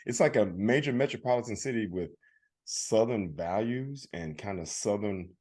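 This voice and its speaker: A man's voice: on the low side, animated, moderate pace, a little mellow. Laid-back man from Alabama. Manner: laid-back, laughs often, acts out voices in quotes. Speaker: podcast co-host. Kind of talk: casual chat.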